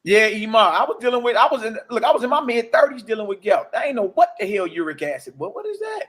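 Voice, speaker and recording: A man in his forties giving a casual, preachy testimony as a livestream host, slangy and animated, often asking "you dig?". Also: high voice, quick pace. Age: 40s.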